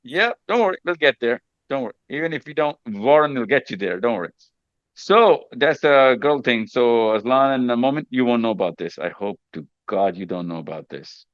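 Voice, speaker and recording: A man's voice: medium pitch, expressive, normal speed, no room sound, dull audio. A man hosting a casual group chat with teenagers, teasing and reassuring them and often repeating himself. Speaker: mentor hosting a session with teenagers.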